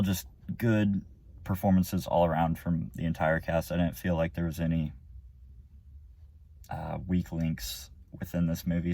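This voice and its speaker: A man's voice: deep voice, warm tone, no room sound. A man giving a casual, rambling spoken movie review, full of fillers and restarts. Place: car or room after the movie.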